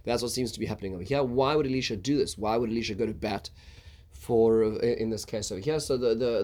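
Halting low-voiced male Torah teacher. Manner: halting, with many stuttered restarts. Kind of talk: casual Bible lesson.

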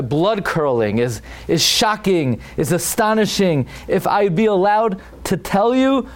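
Man, rabbi, Torah class storytelling, emphatic, dramatic, restarts, slightly high voice, Hebrew terms. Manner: sprinkles Hebrew and Yiddish terms.

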